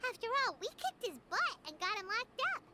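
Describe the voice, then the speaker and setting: A woman voicing a small, chatty, excitable female fairy companion in a video game. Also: fairly quick, very noisy. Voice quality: high squeaky voice.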